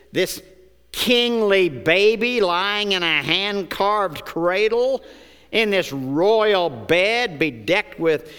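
High, bright-voiced preacher in a reverberant church. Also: male voice, clear, resonant tone. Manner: preaching with call-and-response and joking asides. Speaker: pastor. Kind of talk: sermon. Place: church sanctuary. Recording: long church hall reverb.

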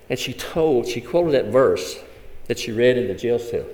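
A man, a visiting Gideon speaker giving a fervent testimony sermon in a church. He tells the story with big swings between loud and hushed. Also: medium pitch, fairly quick. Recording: echoey hall.

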